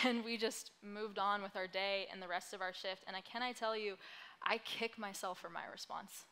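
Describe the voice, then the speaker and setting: A woman's voice: medium pitch, normal speed, sharp tone, clear, resonant tone. A young woman in her twenties giving a sermon from a church stage in a conversational, self-deprecating way with light laughs. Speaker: pastor.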